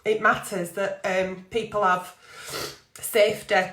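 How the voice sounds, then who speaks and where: A woman's voice: mid-range voice, flat delivery, slow, a bit bright, roomy sound. A middle-aged woman hosting a live stream from home, talking casually and emotionally with many fillers.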